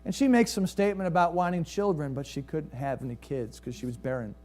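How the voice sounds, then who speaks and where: A pastor delivers a sermon built around a story, posing rhetorical questions to his congregation. His voice sits on the high side and moves a little fast, swinging from lively rises down to hushed, quiet drops.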